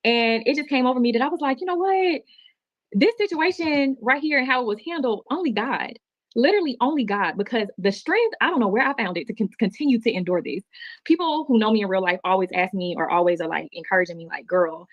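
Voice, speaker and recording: Woman, emotional livestream monologue, rapid delivery, dull dry replayed audio. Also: fairly high pitch, expressive, no room sound. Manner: chatty, heartfelt, rambling.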